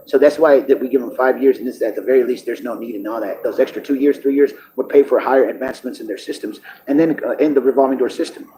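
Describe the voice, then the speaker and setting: A man's voice: medium pitch, quick pace, hardly any pauses, mellow, a little hiss or hum, low-quality recording. A man talking in a rambling, profane monologue, laughing often and restarting his sentences.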